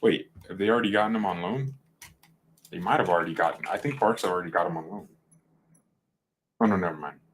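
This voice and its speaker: A man's voice: low voice, fast, long pauses, a bit bright, a little hiss or hum. A man hosting a fan channel in casual livestream chat, rambling, correcting himself and joking. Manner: rambling, self-correcting, jokey.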